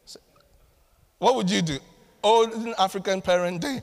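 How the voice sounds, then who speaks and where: A man preaching a sermon to his church, animated and acting out little family scenes as he talks. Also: high-pitched, a little slow, creaky, pauses often, a little hiss or hum. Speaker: pastor. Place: church hall. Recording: long hall reverb.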